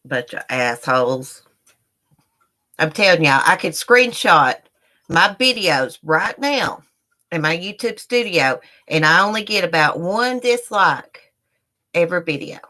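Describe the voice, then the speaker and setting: A woman's voice: on the low side, animated, measured pace, bright, forceful tone. A middle-aged woman on a live stream, ranting angrily at her viewers with heated, profane talk. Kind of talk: angry live-stream rant.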